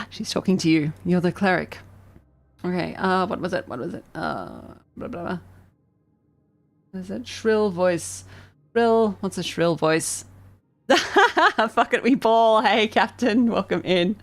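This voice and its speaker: A woman streaming a game live, chatting excitably and reading the game's narration aloud. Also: fairly low pitch, unhurried. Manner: excitable, chatty, self-deprecating. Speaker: vtuber streamer.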